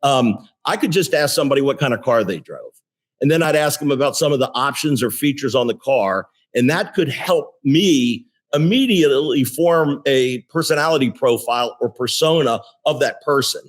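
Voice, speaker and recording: A man in his sixties, a company CEO, telling career stories in a relaxed interview, with frequent restarts and fillers. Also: mid-range voice, moderate pace. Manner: animated storyteller with many restarts. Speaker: guest, tech company CEO. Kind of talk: casual interview storytelling.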